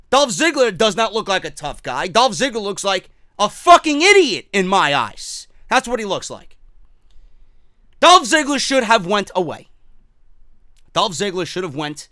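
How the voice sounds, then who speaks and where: Brief: fired-up male ranter, bright high voice, dry close sound. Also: dry recording. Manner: heated, profane, repetitive ranting; mocking quoted voices. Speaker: wrestling commentary host. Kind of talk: ranting opinion show.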